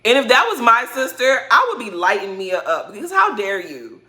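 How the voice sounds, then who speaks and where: A woman recaps a reality TV episode in a casual, blunt way, full of slang and swearing. Her voice is bright and a little high, and her pitch swings widely as she reacts. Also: huge pitch swings, moderate pace. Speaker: recap host.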